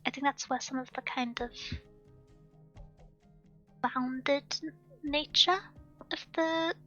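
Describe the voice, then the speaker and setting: A woman's voice: high voice, fairly even intonation, slow pace, pushed and bright. A woman streamer from Wales with a near-standard British accent and a Welsh lilt, musing aloud in casual stream chat. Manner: musing, thoughtful, talks with many asides. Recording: dull lo-fi stream audio with faint music.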